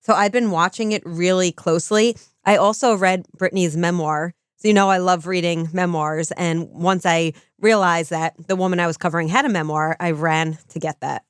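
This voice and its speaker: Smooth-voiced woman podcast host. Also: fairly low pitch, fairly even intonation, moderate pace, hardly any pauses, dry recording, clean studio sound. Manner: organized, explanatory. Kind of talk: casual podcast chat.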